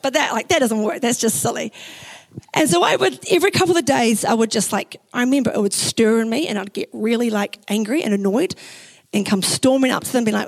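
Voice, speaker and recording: A young woman pastor from New Zealand with a New Zealand accent, preaching a sermon in a chatty, animated way and acting out the quotes in her stories. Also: on the high side, fast, vocal fry, poor audio. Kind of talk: sermon with personal story. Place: church.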